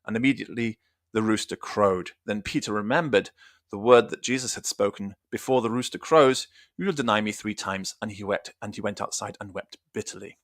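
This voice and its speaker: A man's voice: lowish voice, brisk, no room sound, clean studio sound. A man giving an informal Bible study on a livestream, thinking aloud with restarts and reading passages aloud. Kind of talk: informal scripture teaching on a livestream.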